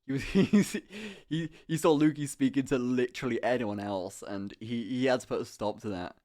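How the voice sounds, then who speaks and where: A young man talks to his stream chat in a loose, animated way. He laughs often, swears freely and rambles through stories while his pitch sits in an ordinary middle range. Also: normal speed. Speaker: live streamer. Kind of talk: casual chat with stream viewers.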